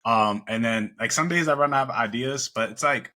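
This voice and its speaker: A man's voice: mid-range voice, moderate pace, sharp tone. A man appearing as a podcast guest, chatting casually with a laid-back, motivational manner.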